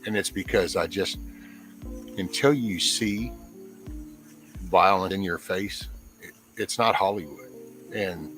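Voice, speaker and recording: Very deep-voiced man telling a long story. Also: low-quality recording. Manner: rambling, earnest storytelling with many restarts. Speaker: guest panelist. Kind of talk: casual livestream chat. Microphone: camera mic.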